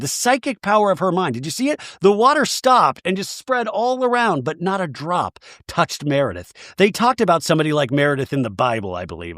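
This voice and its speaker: A man hosting a podcast, recapping a reality show in an animated, joking way with quick riffs and asides. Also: fairly high pitch, no echo, clean studio sound. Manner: animated, riffing, jokey asides. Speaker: podcast host. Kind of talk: comedic TV recap.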